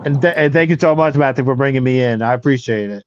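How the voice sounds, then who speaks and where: Halting, profane man on a lo-fi mic. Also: medium pitch, crowd noise. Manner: halting and profane, repeats words. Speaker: panel guest. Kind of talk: casual livestream panel chat.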